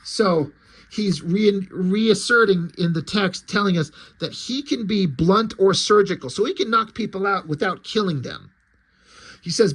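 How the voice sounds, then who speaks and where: Chatty man with a high voice. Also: expressive, a little slow, fairly bright tone. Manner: chatty, swears freely. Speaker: comic book reviewer. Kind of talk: casual comic read-through.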